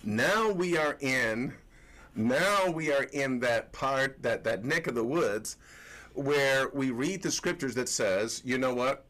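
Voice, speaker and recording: A man teaching scripture on a livestream in a loose, conversational way. He repeats his phrases, tells stories and talks at an ordinary middle pitch. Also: expressive, takes it slowly, bright, forceful tone. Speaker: host and religious teacher.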